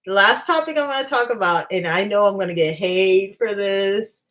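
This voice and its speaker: A woman's voice: medium pitch, moderate pace, a bit bright. A woman hosting a casual livestream, talking in a chatty, emphatic way and reacting to her live chat. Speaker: livestream host.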